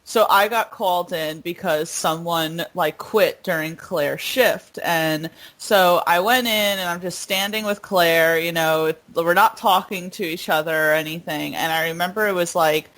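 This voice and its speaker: A woman's voice: lowish voice, a little slow, hardly any pauses, a bit bright. A woman co-hosting a podcast, telling stories in casual chat and laughing often. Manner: chatty storyteller, laughs often. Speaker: podcast co-host.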